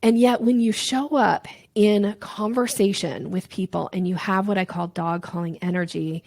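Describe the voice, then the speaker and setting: A woman's voice: mid-range voice, moderate pace, gravelly, dry recording. A woman, a sales coach, explaining her method in a conversational interview and acting out short examples in playful voices. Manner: animated, acts out little voices and examples.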